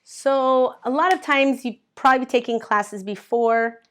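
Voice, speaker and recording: A woman's voice: high voice, unhurried, fairly bright tone. A woman teaching English grammar to learners, patiently spelling out letters and sounds one by one. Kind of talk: slow classroom grammar explanation.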